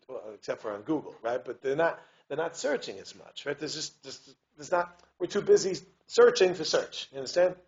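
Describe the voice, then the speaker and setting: A man, a rabbi, giving a lively community talk. He digresses, keeps asking his listeners if they understand, and chants Hebrew verses. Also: fairly high pitch, lo-fi sound.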